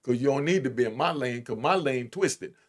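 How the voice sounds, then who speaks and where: A man's voice: medium pitch, lively intonation. Blunt streetwise man commenting. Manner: blunt, emphatic streetwise talk, drawn-out stresses. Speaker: commentator reacting to played clips. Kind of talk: casual reaction commentary.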